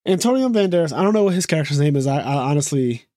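Casting: outspoken man, slightly higher voice, casually cursing while reviewing a film, dry mic. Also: big pitch swings, very fast, warm tone, no room sound. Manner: blunt, swears freely, mimics movie lines. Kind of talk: casual chat, movie review.

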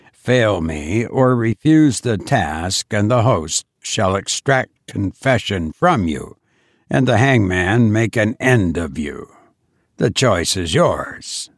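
Male narrator as young duke, cold and mocking, deep and unhurried, audiobook. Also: no room sound, clean studio sound, heavily acted. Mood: cold, menacing. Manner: soft-spoken, mockingly calm, slow. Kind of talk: audiobook character voice.

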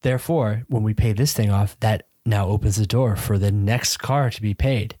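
A man co-hosting a casual podcast with his wife, telling stories in a playful, animated way. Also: lowish voice, moderate pace, dry recording, studio quality. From Central Florida. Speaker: podcast co-host. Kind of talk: casual chat.

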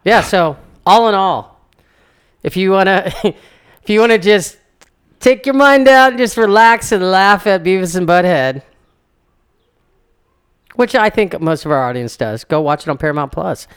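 Young male podcast co-host, rambling and laughing, higher voice, clean tone. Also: expressive, unhurried, long pauses, a bit bright, clean tone. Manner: rambling, laughs often, restarts sentences. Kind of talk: casual chat.

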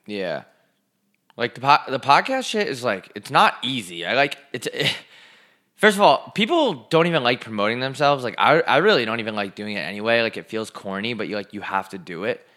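A man's voice: mid-range voice, sing-song, normal speed, sharp tone. A man co-hosting a casual podcast from his living room, ranting profanely and emphatically, a little out of breath. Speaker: podcast co-host.

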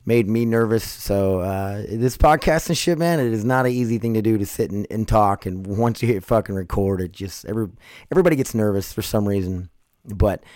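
A man's voice: fairly low pitch, a little mellow. A man hosting a casual podcast and chatting with a guest in a martial arts gym. He rambles, swears a lot and uses many fillers and restarts. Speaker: podcast host.

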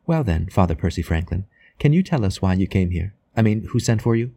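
A man's voice: low-pitched, expressive, a little fast, gravelly, mellow, heavily acted. A man reading as a sweetly mocking young wife. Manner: sweetly mocking, coolly in control.

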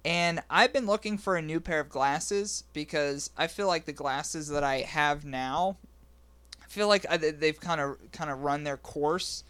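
A man hosting a casual podcast chat, rambling and halting with lots of fillers. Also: on the high side, fairly bright tone, smooth. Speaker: podcast host.

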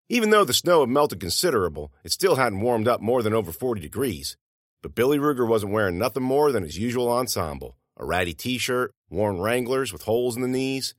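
A man telling a first-person story with a folksy, dialect-flavored delivery. His low voice moves up and down a lot, and the recording is dry and close. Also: dry recording. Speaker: narrator.

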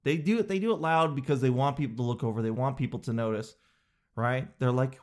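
A man delivering a comedic monologue, sarcastic, breaking into high silly voices to mock people. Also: fast talker, darkish tone.

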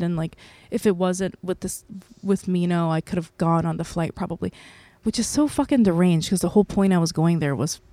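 Candid woman telling a story, lower voice. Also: fairly quick, mellow, no echo. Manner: candid, swears freely, filler-heavy storytelling. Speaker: mother telling a personal story. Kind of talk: casual podcast chat.

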